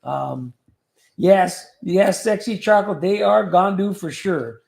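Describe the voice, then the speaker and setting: A middle-aged man hosts a casual livestream, joking and reading out viewer comments. His voice is high-pitched, animated, creaky and a little mellow, and he speaks slowly.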